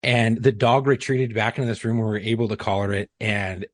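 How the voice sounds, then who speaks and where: A man's voice: on the low side, steady tone, brisk, no room sound, clean studio sound. A man, a former police chief, telling a rambling, profane story on a podcast. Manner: profane, rambling anecdote with many fillers. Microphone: studio podcast mic.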